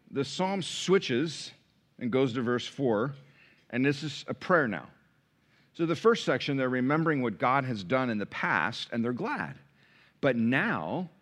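A middle-aged man preaching a sermon as pastor, conversational and animated, with sudden high bursts. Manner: animated, conversational, sings hymn lines.

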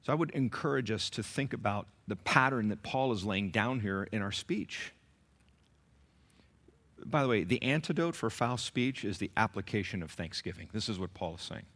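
A man preaching a sermon as pastor, emphatic and animated, with many rhetorical questions. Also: lowish voice, moderate pace.

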